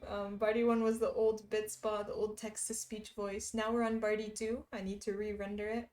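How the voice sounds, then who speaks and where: A woman's voice: medium pitch, level tone, normal speed, darkish tone, soft background music. Giggly young woman chatting on stream. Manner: giggly, chatty, reads chat messages aloud. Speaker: livestreamer reading chat. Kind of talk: casual stream chat while stitching.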